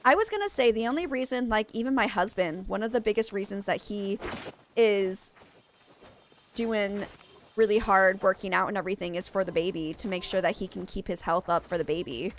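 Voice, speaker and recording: This young adult woman talks a little fast in a mid-range voice as she streams a game, chatting casually and rambling, with frequent exclamations and restarts. A little hiss or hum can be heard.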